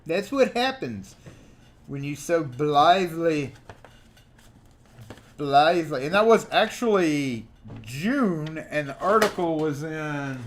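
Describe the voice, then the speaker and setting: There's a slight hiss or hum behind this fairly high male voice. He's a live-stream host giving old magazine letters a dramatic, playful reading, peppered with joking remarks.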